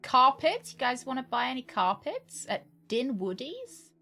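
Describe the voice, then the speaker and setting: A woman's voice: high-pitched, big pitch swings, a little slow, bright, forceful tone. Woman, streamer, reading aloud, stumbles and self-corrects, casual asides, faint background music. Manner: chatty, stumbles and corrects herself mid-sentence.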